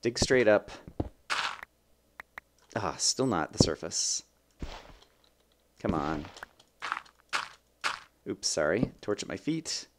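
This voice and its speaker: A young man hosting a let's play, chatting and thinking aloud as he plays, with sudden bursts of excitement. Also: on the low side, slow pace, long pauses, background noise. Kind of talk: gameplay commentary.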